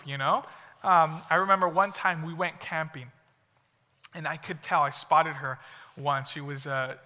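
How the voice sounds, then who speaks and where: A man's voice: high-pitched, bright, forceful tone. A young man giving a chatty, upbeat storytelling sermon to a youth audience. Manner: upbeat and chatty, many asides. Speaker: speaker at a youth service. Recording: long reverb of a big hall.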